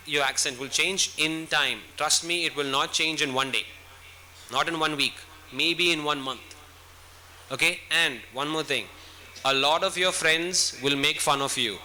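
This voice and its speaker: A man takes questions from a student audience. His voice sits high and rings very bright, with a faint hiss of background noise. He explains patiently and keeps asking "okay?". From India. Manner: instructive, repeats "okay?" to check listeners. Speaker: guest speaker answering student questions. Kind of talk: Q&A session at a school event.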